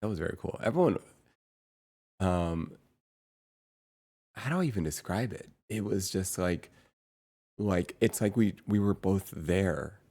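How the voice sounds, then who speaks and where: A man livestreaming and chatting casually to his viewers, rambling and often pausing to search for words. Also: low-pitched, lively intonation, mellow. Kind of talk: casual chat to stream viewers.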